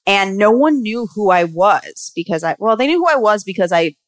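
A woman's voice: medium pitch, animated, normal speed. Rambling young woman, "like" every few words. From United States. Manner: rambling, filler-heavy, full of "like". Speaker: actor guest. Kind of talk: casual interview chat.

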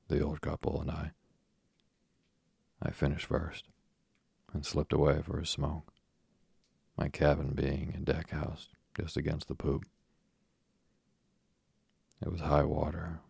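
A man with a deep gravelly voice, reading a story aloud slowly and softly for sleep. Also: dry recording, clean studio sound. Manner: soft, even, unhurried delivery. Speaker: narrator.

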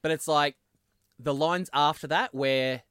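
A man chatting casually about a TV episode, animated and acting out characters' lines. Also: fairly high pitch, measured pace, clear, resonant tone, no echo, clean studio sound. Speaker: podcast co-host discussing a TV episode. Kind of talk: casual chat.

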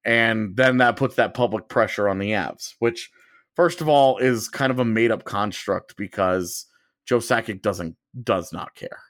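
Rambling, animated man on a podcast. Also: on the low side, a little slow, no room sound, studio quality. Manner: rambling, self-correcting, animated. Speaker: sports podcast co-host. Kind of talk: casual hockey talk.

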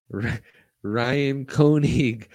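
A man's voice: mid-range voice, very slow, a little mellow, no room sound. A man co-hosting a casual sports podcast, bantering playfully and laughing often. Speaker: podcast co-host.

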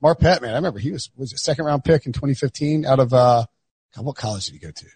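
A man's voice: mid-range voice, animated, a little mellow, slightly rough. A man hosting a football podcast, rambling and joking with his co-hosts. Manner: joking, rambling, quick to laugh. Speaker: podcast host. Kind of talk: casual chat.

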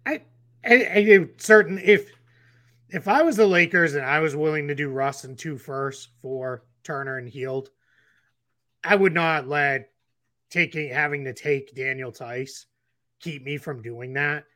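Male podcast analyst, bright and forward voice, talks in loose rambling restarts. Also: a little high, measured pace, no echo, clean studio sound. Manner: rambling, frequent restarts and fillers. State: getting the hiccups. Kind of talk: casual basketball podcast talk.

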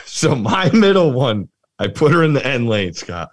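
Laughing, animated male storyteller. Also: medium pitch, measured pace. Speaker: podcast co-host. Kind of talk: casual chat.

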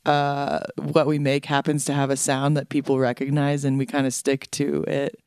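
A woman's voice: extremely low pitch, monotone, normal speed, darkish tone, clear, resonant tone, no echo, studio quality. A woman musician with a slight lisp, chatting casually in a radio interview and laughing often. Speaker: indie rock musician.

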